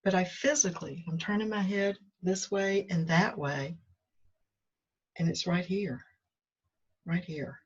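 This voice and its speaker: A woman with a somewhat low, husky voice talks in a chatty, self-deprecating way. She drifts between confiding asides and little acted-out exchanges with herself. The sound is muffled and lo-fi. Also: unhurried, pauses often. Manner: chatty, candid, self-deprecating, acts out her own inner dialogue. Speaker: spiritual self-help host. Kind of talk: casual reflective monologue. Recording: muffled lo-fi recording.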